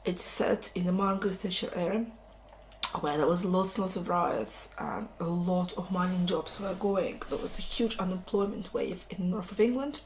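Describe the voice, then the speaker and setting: A book vlogger chats casually at home about books she's just finished, enthusiastic and full of exclamations, recorded on a camera mic. Her voice is fairly low and darkish, with slight background noise.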